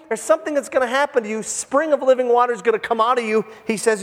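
A man preaching a sermon in a conversational, animated way, full of jokey asides. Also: extremely high pitch, fast talker, big-room sound. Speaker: pastor. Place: church room with a congregation.

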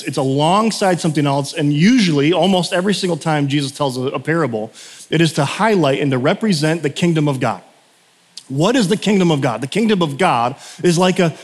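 Male pastor, relaxed storytelling sermon, slightly high voice, lingering church-hall reverb. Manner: chatty, self-interrupting storyteller. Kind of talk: casual sermon.

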